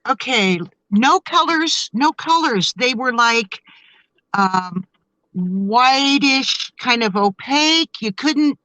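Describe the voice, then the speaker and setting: Woman guest telling her story, excitable, stammers and restarts, kinda high voice, dry close sound. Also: takes it slowly, dry recording, low-quality recording. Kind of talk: casual storytelling in an interview.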